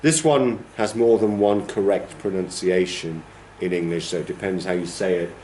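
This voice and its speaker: A man's voice: low voice, fairly even intonation, normal speed, a little mellow, slight background noise. A man teaching a training class, explaining patiently and stretching words out to show their stress. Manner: patient and explanatory, exaggerates word stress in demonstrations. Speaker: TESOL course trainer. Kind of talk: classroom lecture. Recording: roomy classroom echo.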